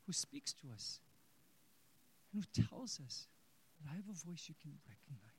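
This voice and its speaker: Man preaching, hushed then loud. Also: a little high, sing-song, normal speed, pauses often, slightly rough, no room sound, rough recording. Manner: storytelling, swings between hushed and loud. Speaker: pastor. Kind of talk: sermon.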